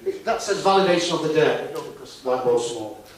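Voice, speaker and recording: A man's voice: a little high, expressive, brisk. Man speaking in an echoey hall. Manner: conversational, asks the audience rhetorical questions. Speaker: conference speaker. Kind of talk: live talk to an audience. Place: conference hall. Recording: echoey hall, distant mic, faint noise.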